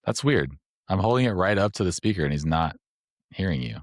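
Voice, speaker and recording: A man's voice: low voice, expressive, a little fast, no room sound, studio quality. A man hosting a podcast, explaining things at length in a rambling, casual way. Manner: rambling, explains step by step with fillers. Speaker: podcast host.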